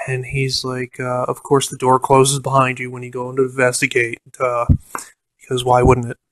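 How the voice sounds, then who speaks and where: A man's voice: medium pitch, monotone, moderate pace, fairly bright tone, dry recording. Rambling, profane man telling a story. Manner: rambling, profane, many fillers and restarts; quotes the game master in a mocking voice. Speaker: storyteller recounting a tabletop game. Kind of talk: casual anecdote.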